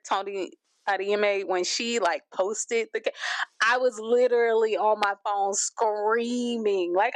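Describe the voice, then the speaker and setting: Hosting a reaction video, a woman offers casual, chatty commentary packed with fillers and restarts. Her voice is medium-pitched, with no room sound.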